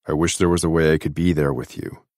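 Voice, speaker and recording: Guy reading as a soft caring young man, deep voice, dry close sound. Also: little pitch movement, fast, dry recording. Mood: gentle. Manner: soft, reassuring. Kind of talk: audiobook dialogue.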